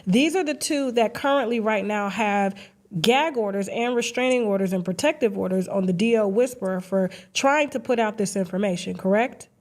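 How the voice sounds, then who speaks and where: A woman's voice: medium pitch, normal speed. A woman in talk-show commentary, asking questions to confirm the facts she lays out.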